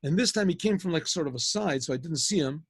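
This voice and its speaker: A man's voice: on the high side, expressive, fast talker, husky, no echo. A man, a rabbi, telling a story in a rambling, conversational way with many restarts, speaking over a video call. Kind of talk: storytelling talk.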